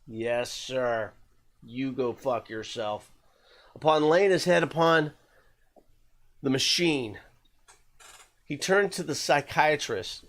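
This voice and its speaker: A man with a medium-pitched voice hosts a podcast, telling a true-crime story in a loose, conversational way, full of fillers and the odd curse word.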